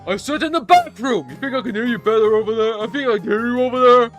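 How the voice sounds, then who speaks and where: A man voicing a loud, boisterous young man who teases his best friend in brash, shouty bursts. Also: sits high, fairly quick, soft background music. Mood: yelling.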